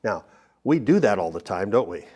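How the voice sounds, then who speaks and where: A man's voice: lowish voice, big pitch swings, darkish tone, slightly rough. A man teaching a Bible study lesson, talking it through loosely with frequent restarts and fillers. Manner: halting, many restarts and fillers.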